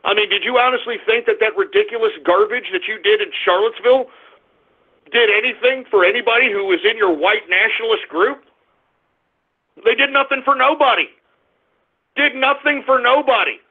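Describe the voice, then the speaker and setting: A man hosting a call-in internet radio show, ranting in a brash, confrontational way with drawn-out taunts. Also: extremely high pitch. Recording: tinny phone-like audio.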